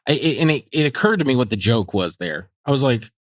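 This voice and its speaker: A man's voice: medium pitch, fast talker, no echo, clean studio sound. A man co-hosting a movie podcast, talking casually and animatedly, laughing as he mocks lines from the film. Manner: animated, laughing, mocking quotes. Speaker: podcast co-host. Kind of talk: casual movie review chat.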